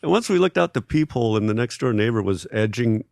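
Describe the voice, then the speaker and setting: A man as a podcast guest telling a self-deprecating story, halting with many fillers. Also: mid-range voice, animated, vocal fry, a little mellow, no room sound, clean studio sound. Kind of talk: casual storytelling interview.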